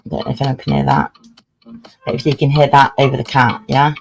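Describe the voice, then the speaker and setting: A woman's voice: rumbling low, little pitch movement, fairly quick, vocal fry, slightly rough, low-quality recording. A woman casually chatting on her livestream, swearing freely and scolding her cat as she talks. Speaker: livestream host.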